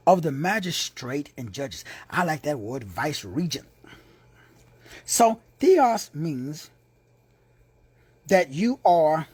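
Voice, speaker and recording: A man's voice: a little high, a little mellow, breathy edge, dry recording. A man teaching a sermon-style Bible lesson, emphatic and repetitive, with slangy asides to his listeners. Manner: emphatic, repeats key words, slangy asides.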